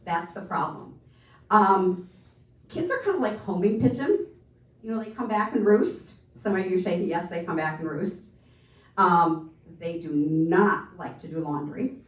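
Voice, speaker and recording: A woman in her fifties from Minnesota, performing stand-up in a chatty, self-deprecating way with lots of hesitant fillers. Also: medium pitch. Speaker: stand-up comedian. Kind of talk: stand-up comedy set. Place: comedy club stage. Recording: echoey room, distant mic, faint noise.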